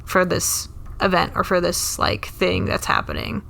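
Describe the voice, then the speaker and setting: A woman's voice: on the low side, measured pace, gravelly, bright, forceful tone. A woman co-hosting a comedy podcast in casual chat, rambling through stories with many fillers. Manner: rambling storytelling, lots of "like", acts out quotes.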